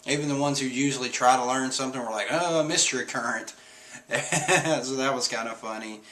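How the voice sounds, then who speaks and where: Bright-voiced young man recapping chatty. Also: mid-range voice, fairly even intonation, brisk, poor audio. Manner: chatty, laughs often, acts out quotes in silly voices. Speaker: comic chapter reviewer. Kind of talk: casual recap commentary.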